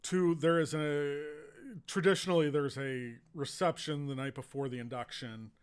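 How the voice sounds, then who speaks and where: An American man hosting a podcast, telling relaxed, rambling anecdotes full of fillers. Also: mid-range voice. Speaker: podcast host and baseball writer. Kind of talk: casual storytelling chat.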